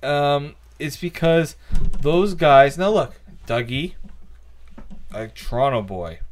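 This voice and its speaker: A man's voice: on the high side, expressive, takes it slowly. A man co-hosting a casual sports podcast, rambling and often restarting his thoughts with hesitant ums. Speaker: podcast co-host.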